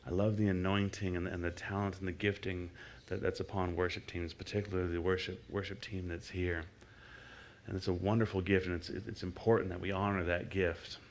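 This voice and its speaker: Low-voiced middle-aged man preaching. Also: flat delivery, a little hiss or hum. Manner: conversational, halting with many restarts; drops to soft murmured prayer and tongues. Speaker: guest speaker. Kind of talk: sermon with led prayer. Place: church service before a congregation.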